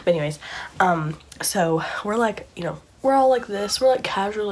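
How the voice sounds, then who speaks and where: Husky-voiced young woman rambling a story. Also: medium pitch, lively intonation, normal speed. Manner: rambling, filler-heavy, dropping into whispers. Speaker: vlogger. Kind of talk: casual storytelling of a dream. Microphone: camera framed from the chest up.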